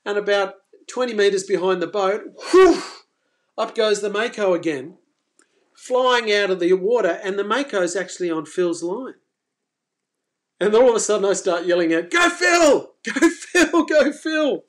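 A man hosting a fishing live stream, telling a story casually and with energy, stumbling and restarting, then trailing off quietly. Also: high-pitched, normal speed. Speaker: fishing coach and channel host.

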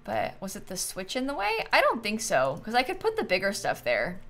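A woman's voice: mid-range voice, wildly swooping pitch, fairly quick, a bit bright, soft background music. Chatty woman streamer thinking aloud. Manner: chatty, musing aloud, talks to chat and objects. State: sleepy, yawning. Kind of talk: casual livestream commentary while playing.

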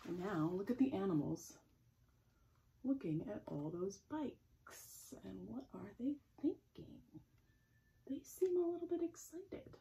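A woman librarian reading a picture book to preschoolers, gentle and expressive, with chatty asides to the children. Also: medium pitch, unhurried, creaky, pauses often, slight background noise. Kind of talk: preschool story time reading.

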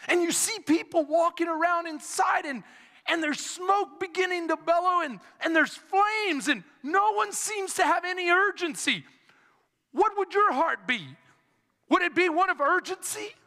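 A male pastor preaching with fervor, his voice high and bright. He tells stories dramatically and rises to shouts at the peaks. The sound carries a long reverb from a large hall. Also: a little slow. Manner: impassioned, shouting at climaxes, dramatic storytelling. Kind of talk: sermon.

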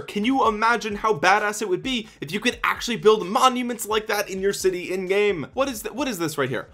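A man hosting a comedic commentary on game ads, sarcastic and profane, with mock excitement. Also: high-pitched, fairly quick, hardly any pauses, soft background music. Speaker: YouTube host reacting to game ads.

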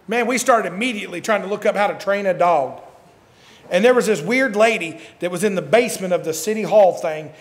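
A man preaching a sermon, telling stories and swinging from shouts to quiet asides. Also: high-pitched. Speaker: pastor. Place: church sanctuary. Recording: long church hall reverb.

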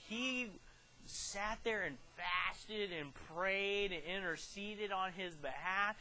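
A man preaching a sermon, retelling a scripture story with lively storytelling and acted-out quotes that swing from quiet to loud. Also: on the high side, slight background noise, low-quality recording. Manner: animated storytelling, acting out quotes with big swings in loudness.

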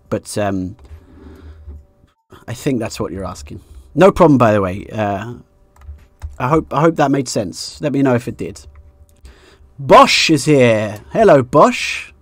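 A man's voice: on the low side, darkish tone, no room sound. A man commentating a live poker stream, thinking aloud about hands and chatting with his viewers in a joking way.

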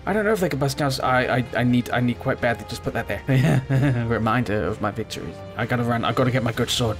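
A man giving let's play commentary as he plays a game. He rambles, talks to himself and yells at the characters on screen. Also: mid-range voice, quick pace, music in the background. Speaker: gaming channel host.

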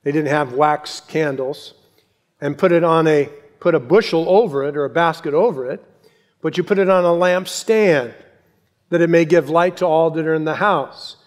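A middle-aged male pastor preaching a sermon, emphatic, with rhetorical questions and quiet asides. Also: fairly high pitch, normal speed.

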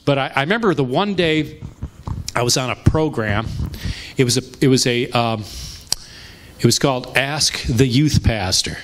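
A middle-aged male pastor delivers a sermon built on personal stories, speaking in a conversational, animated way that often backs up and restarts mid-sentence. His voice sits at an ordinary middle pitch for a man. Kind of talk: storytelling sermon. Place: church sanctuary.

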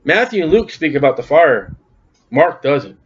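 Male preacher, fairly high voice, folksy and emphatic, dull lo-fi recording. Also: very animated, normal speed, husky. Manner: folksy, emphatic, calls out to the congregation. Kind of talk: sermon. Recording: dull lo-fi sound.

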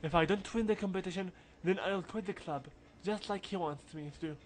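A man's voice: high-pitched, fairly quick, slight background noise, natural voice. A man reading game dialogue aloud, voicing an anxious teenage schoolboy in a put-on accent and stumbling over the lines. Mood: frustrated, resolved.

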